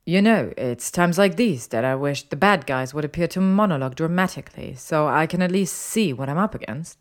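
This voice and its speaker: A woman's voice: sits low, expressive, brisk. Draco Malfoy, a dry sarcastic wizard, as a woman reads him. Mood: sardonic. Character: sardonic young male wizard, cocky and angry. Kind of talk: audiobook character voice.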